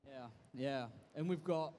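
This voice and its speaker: A man's voice: a little high, measured pace, dark tone. A young man hosting a convention panel in casual, upbeat, slangy banter, laughing often. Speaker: panel host. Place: convention hall panel stage.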